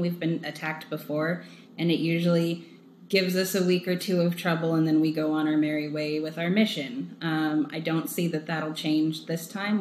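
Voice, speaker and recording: A woman's voice: low-pitched, darkish tone. A woman on a foundation's team speaking candidly and earnestly in an interview, often saying "like.". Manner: earnest, personal, uses "like" often. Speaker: foundation staff member. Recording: echoey room with faint hiss.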